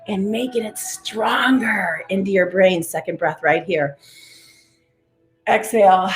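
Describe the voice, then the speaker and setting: Woman, guided breathwork coach, commanding and upbeat, roomy room, faint music behind. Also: medium pitch. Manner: motivational, commanding, repeats cues. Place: live-streamed session in a roomy space.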